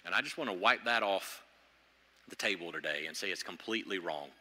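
Bright-voiced man preaching in a hall. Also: brisk. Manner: animated preaching, swings from loud and high to low and quiet. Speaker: pastor. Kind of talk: sermon. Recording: long hall reverb.

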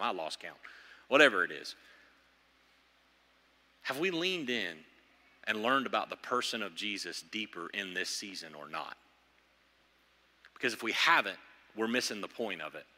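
A man preaching a sermon as pastor, animated, swinging from loud and high to low and quiet. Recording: long hall reverb.

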